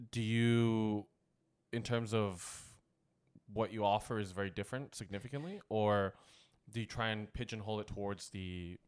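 A man's voice: lowish voice, clear, resonant tone. A man hosting a podcast interview, asking long rambling questions in a casual way. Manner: asks rambling questions, short agreeing interjections. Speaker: podcast host.

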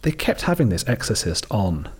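A man's voice: fairly low pitch, big pitch swings, moderate pace, husky. A man, a documentary filmmaker, talking casually in an interview and telling rambling stories. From United Kingdom. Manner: rambling storyteller, mimics people he quotes. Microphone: close desk microphone.

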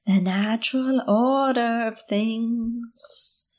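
A woman's voice: a little high, steady tone. Woman doing a withered old crone voice. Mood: creepy. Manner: slow, eerie, hushed.

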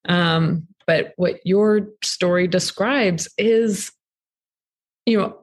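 A woman in her thirties, a camp co-founder appearing as a podcast guest, tells a story thoughtfully and conversationally, saying um often. Her voice sits on the low side and moves extremely slowly, growing animated when she retells events.

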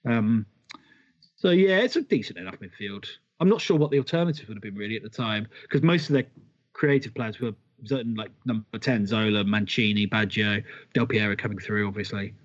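A man co-hosting a football podcast, talking quickly in an animated way and swearing casually. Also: fairly low pitch, highs cut off. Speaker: podcast co-host.

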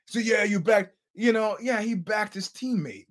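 Brief: middle-aged male host, higher voice, animated storyteller who swears and acts out quotes. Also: a little slow. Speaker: podcast host. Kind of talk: casual fight-talk chat.

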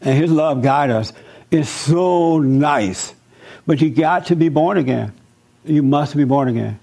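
A man's voice: on the high side, a little slow, gravelly, dark tone. A man giving an informal sermon in a conversational, folksy way, telling personal stories.

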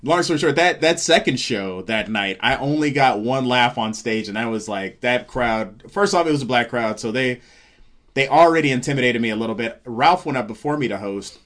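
A man's voice: mid-range voice, normal speed. Guy telling a wild story on a podcast, swears a lot, acts out what people said. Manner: animated storyteller, acts out quotes, swears freely. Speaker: comedian guest. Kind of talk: casual storytelling chat.

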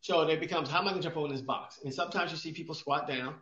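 In a podcast he co-hosts, this exercise expert chats casually about working out, often restarting and posing rhetorical questions to himself. His voice is fairly high, fast, bright and forceful. The recording sounds roomy, dull and lo-fi.

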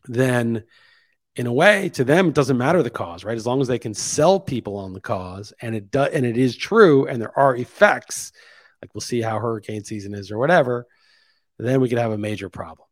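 A man of ordinary pitch talks through his views in a loose, musing monologue. He thinks aloud and climbs higher and louder to hammer home a point. The sound is dry and close, with no room echo. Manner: opinionated, thinking aloud, rising emphasis on key points. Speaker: podcast host. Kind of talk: casual opinion monologue.

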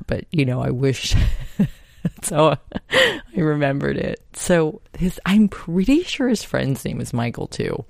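A woman's voice: sits low, huge pitch swings, measured pace, vocal fry, no echo, studio quality. A woman in her thirties hosting a podcast, telling a personal story in a chatty, laughing, casual way. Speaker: podcast host.

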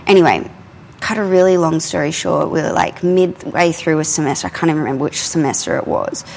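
A young adult woman, telling a candid personal story in a casual, animated way while she works in her art studio. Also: deep voice, creaky, slight background noise, rough recording. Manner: animated, candid, often swears and laughs. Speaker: artist and podcast host. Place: art studio, drawing and climbing ladders while talking.

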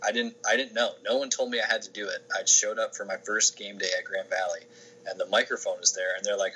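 A man talks through his career in a relaxed, rambling way, circling back and restarting his sentences. His voice sits a little low but has a bright, forceful edge. A faint background hiss runs under the recording. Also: fast, low-quality recording. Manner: rambling, many restarts and fillers. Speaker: sports information director, podcast guest. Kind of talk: casual interview answers.

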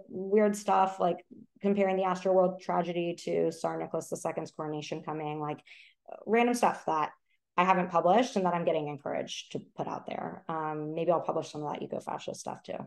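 A woman's voice: lowish voice, steady tone, creaky. A woman guest on a podcast, talking in a Valley Girl voice full of "like", laughing often as she argues her points. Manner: laughs often, fast opinionated talk. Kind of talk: casual conversation.

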